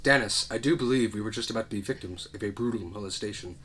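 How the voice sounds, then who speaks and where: Guy reading a clueless young dude, low voice, flat mock drama. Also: fast talker, a little hiss or hum, close to an everyday voice. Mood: deadpan. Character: clueless young man fleeing a killer.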